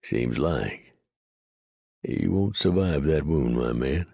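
A man voicing a cool, unhurried Texan gunman with a mocking drawl in an audiobook reading. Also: rumbling low, animated, gravelly, a little mellow, husky, dry recording, heavily acted. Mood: cold. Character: cold, calm Texan gunman, smug and unhurried.

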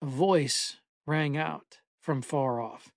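A man reading a first-person horror story aloud in a measured, dramatic way. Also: on the high side, creaky, no room sound, studio quality. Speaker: narrator. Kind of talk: scripted horror story narration.

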